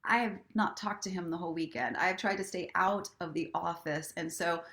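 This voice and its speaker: Woman host, lowish pitch, casual motivational chat. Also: steady tone. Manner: chatty and encouraging, reads viewer comments aloud; slows down for soft affirmations. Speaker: host of a live story time stream. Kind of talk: casual live-stream talk with inspirational reading.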